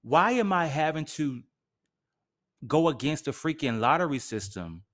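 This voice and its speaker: A man's voice: on the high side, sing-song, unhurried, fairly bright tone. A man hosting a podcast, ranting theatrically with sarcastic asides. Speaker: podcast host. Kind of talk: solo podcast rant.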